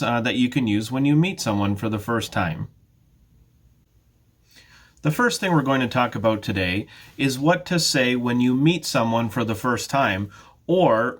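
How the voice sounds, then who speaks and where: A middle-aged man with a Canadian accent teaching a slow, clear beginner English lesson, patiently modelling phrases with careful intonation. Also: medium pitch, a bit bright. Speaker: ESL teacher, head of academics.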